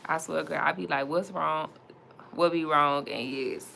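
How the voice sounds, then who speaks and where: A woman's voice: sits low, steady tone, a little slow, gravelly, bright, forceful tone, slight background noise. A young woman, chatting casually and animatedly to her viewers on a livestream, laughing often. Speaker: entrepreneur livestreaming while styling a wig.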